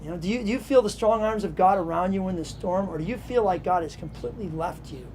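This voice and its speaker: A man's voice: sits high, quick pace, slight background noise. Man telling a devotional story. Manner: animated, conversational, with frequent fillers. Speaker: devotional host.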